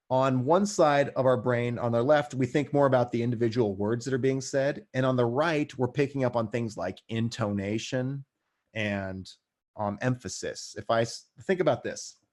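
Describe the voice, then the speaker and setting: A man's voice: mid-range voice, a little mellow. A man teaching as a paramedic instructor in a recorded lecture, speaking conversationally with dry asides and frequent check-ins.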